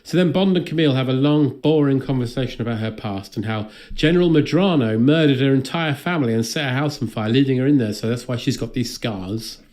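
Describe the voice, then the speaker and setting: Dry, sardonic podcast host. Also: male voice, medium pitch, brisk, hardly any pauses, a little mellow. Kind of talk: comedic film recap.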